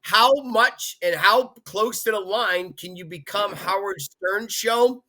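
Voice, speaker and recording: A man who used to be a radio sportscaster, chatting on a panel and cutting in quickly. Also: high-pitched, pushed and bright. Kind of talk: casual panel chat.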